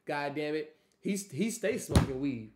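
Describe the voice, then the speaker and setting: Dude reacting to a track, kinda high voice, echoey room, rambly and cussing. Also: male voice, a little slow, background noise. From Louisiana. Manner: animated, loose and profane, trails off and restarts. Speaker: music reaction host. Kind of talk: casual reaction commentary.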